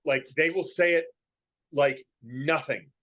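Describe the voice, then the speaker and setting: A Massachusetts-born professional wrestler with a light New England accent chats casually as a podcast guest, rambling with many fillers and restarts. His voice is a little high, slow, bright and forceful.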